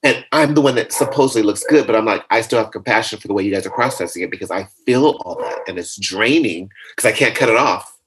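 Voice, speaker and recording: Playful, animated man with a low voice. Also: fast talker, noisy background. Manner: animated, playful, jumps into high comic voices. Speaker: interview guest. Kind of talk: casual interview conversation.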